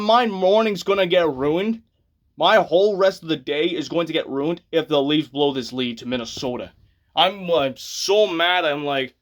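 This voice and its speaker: A man's voice: sits high, a bit bright. Tired, exasperated man ranting. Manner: rambling, exasperated, with frequent restarts. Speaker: sports fan vlogger. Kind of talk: casual ranting recap.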